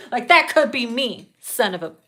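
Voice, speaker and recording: Profane, animated tarot reader woman. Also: fairly high pitch. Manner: blunt, profane and animated, breaks into loud laughter. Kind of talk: casual tarot reading monologue.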